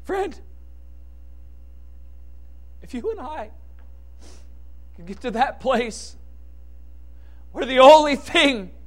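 A man preaching a sermon with impassioned delivery, dropping to hushed tones and then rising to shouted peaks. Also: extremely high pitch, big pitch swings, very slow, long pauses.

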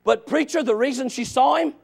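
Man, pastor, sermon, high voice, gravelly, shouts then goes hushed, stammers. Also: a little fast. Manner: swings from shouting to hushed softness; stammering restarts.

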